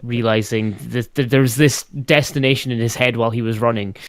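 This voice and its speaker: Male player, casual, tentative thinking aloud, mid pitch, dry sound. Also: steady tone, fairly quick, no room sound. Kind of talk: casual chat at a tabletop game.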